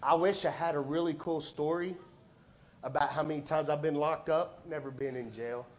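Emphatic preacher swinging loud to soft. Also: male voice, on the high side, steady tone, normal speed. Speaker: pastor. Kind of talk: sermon.

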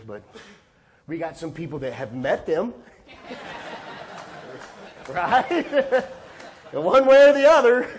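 A man preaching a sermon as a pastor, from Texas, swinging between loud, high bursts and quiet, low asides as he acts out conversations. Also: a little hiss or hum. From Texas, USA.

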